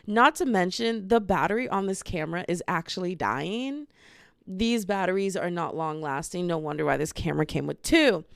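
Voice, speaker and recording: A young woman chats to a small handheld camera at home, bubbly and rambling and quick to poke fun at herself. Her voice is smooth and clear. The sound is dry and close. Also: fairly low pitch, no echo. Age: 20s. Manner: bubbly, rambling, self-mocking, bursts into loud singing. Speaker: podcast host. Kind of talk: casual vlog chat. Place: home room with bookshelf.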